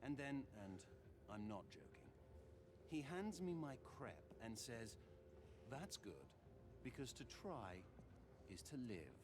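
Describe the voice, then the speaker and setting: A wry, smooth-talking thief. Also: male voice, medium pitch, sing-song, slow, noisy background. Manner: wry storytelling, dry humor. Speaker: game character. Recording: game audio with loud ambience.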